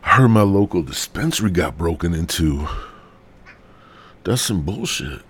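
A man speaks a little slowly in a low-pitched, expressive voice that's fairly bright yet slightly rough. Hosting his podcast solo while a bit sick with a cold, he rambles and swears through a relaxed, stoned rant, sighing as he goes.

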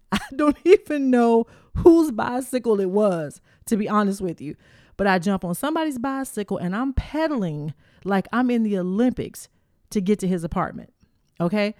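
Animated woman telling a story. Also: medium pitch, no room sound, studio quality. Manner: animated, acts out quotes, addresses listeners as y'all. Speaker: host. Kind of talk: personal storytelling monologue.

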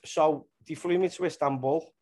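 A man tells rambling stories in a relaxed interview. He swears freely and keeps the tale moving. His voice sits a little high for a man. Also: normal speed. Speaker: actor and comedian guest. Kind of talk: casual interview chat.

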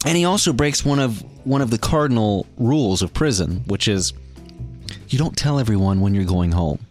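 A man's voice: lowish voice, expressive, moderate pace, darkish tone, soft background music. A man hosting a casual podcast chat, recapping a film in a sarcastic, jokey way. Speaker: podcast host reviewing a film.

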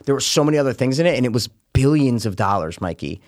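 Man, podcast co-host, loud animated ranting, lively pitch. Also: fast. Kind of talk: casual podcast banter.

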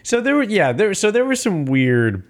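A man's voice: sits high, very animated, moderate pace. A man in casual chat, animatedly retelling a film scene with plenty of swearing.

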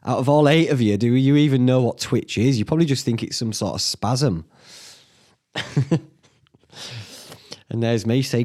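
A man's voice: medium pitch, normal speed, pauses often, a little mellow. A man hosting a podcast on his own from a small home studio, rambling chattily, swearing casually and laughing at himself. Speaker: podcast host. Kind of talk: casual solo podcast chat.

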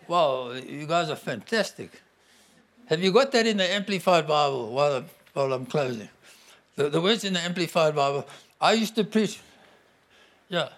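A middle-aged man preaching a sermon to a congregation, emphatic and animated. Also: high voice. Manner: animated, emphatic, bursts into acted-out quotes.

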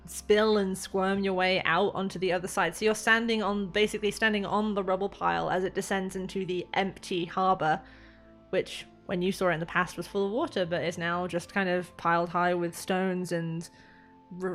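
A woman's voice: on the low side, little pitch movement, normal speed, a bit bright, soft background music. A woman narrating as game master of a tabletop game in a casual way with many fillers.

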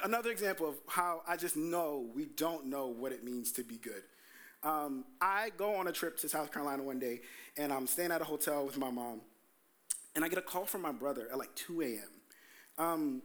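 Animated storytelling male preacher. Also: a little high. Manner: animated storytelling, quoting himself in voices. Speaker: pastor. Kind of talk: sermon.

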